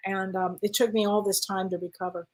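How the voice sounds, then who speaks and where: A woman co-hosting a chat show, telling a personal story in an animated way and acting out the dialogue. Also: medium pitch, brisk. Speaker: co-host.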